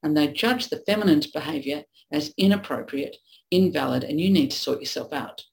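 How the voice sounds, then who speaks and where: Speaking fairly quickly in a low, creaky voice, a female relationship coach earnestly explains a subject in teaching conversation, voicing quoted lines between partners. The audio is poor, with a slight hiss or hum.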